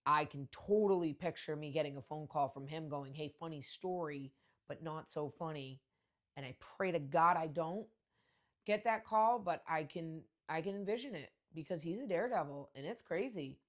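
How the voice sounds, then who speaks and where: A woman's voice: sits low, moderate pace. A woman in her forties hosting a podcast, telling casual stories in a brash, profane way with frequent laughter. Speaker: podcast host. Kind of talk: casual storytelling monologue.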